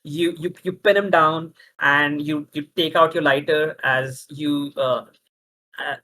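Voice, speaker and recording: A man narrating as game master of a tabletop role-playing game, talking in halting bursts with many restarts. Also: a little high, steady tone, bright, forceful tone, poor audio.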